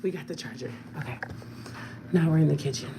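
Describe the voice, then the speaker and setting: A woman with a low voice speaks briskly while livestreaming from home, walking through rooms with her phone held at arm's length. Chatty and addressing her viewers directly, she often drops to a whisper, and there's background noise.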